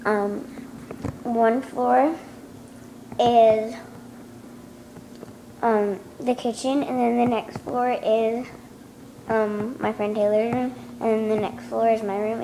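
A woman chatting casually to her camera at home, rambling and hesitant with lots of ums and restarts. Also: fairly high pitch. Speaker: vlogger. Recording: clear background noise.

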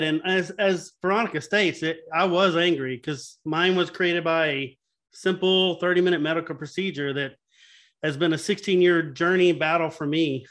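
A middle-aged man with a notably high voice speaks in a candid panel conversation over a video call. He talks earnestly and openly about personal struggles, in a plain, everyday way. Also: a bit bright. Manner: earnest, open about his feelings. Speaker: patient advocate panelist.

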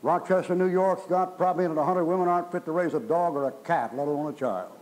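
A man's voice: a little high, quick pace, darkish tone, poor audio. A middle-aged man preaching a sermon in a folksy, emphatic way, his voice rising in bursts. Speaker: pastor.

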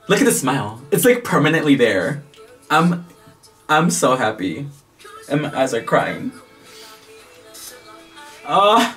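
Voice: mid-range voice, very animated, slow, long pauses, a bit bright, recorded from a distance, soft background music. A vlogger reacting to a drama episode in casual, emotional, profane commentary. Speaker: video reactor.

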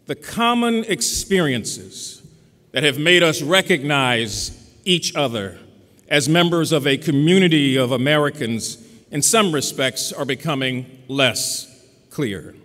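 A man's voice: a little high, lively intonation, takes it slowly, a bit bright. A man giving a keynote commencement address in a formal, oratorical style with a rhetorical cadence. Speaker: keynote speaker. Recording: reverberant ceremony venue.

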